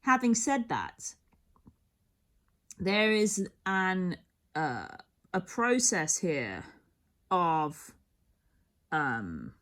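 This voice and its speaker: A woman's voice: lowish voice, sing-song, very slow, long pauses, fairly bright tone. A woman talks through a tarot reading with a voice that rises and falls a lot. She rambles and muses, restarts her sentences often, and sometimes sinks almost to a whisper. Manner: rambling, musing, self-interrupting. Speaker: tarot reader.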